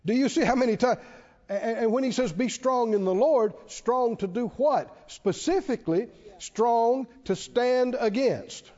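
A man's voice: extremely high pitch, a little slow, darkish tone. A man preaching a sermon to a congregation, emphatic and repetitive, often asking the listeners questions. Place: church. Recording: dull, lo-fi church hall reverb.

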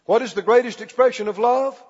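A man preaching a sermon as pastor, stretching key words slowly and calling for the congregation to respond. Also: extremely high pitch. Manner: preaching with call-and-response, slow emphatic stretches. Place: church. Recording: muffled recording in a reverberant church hall.

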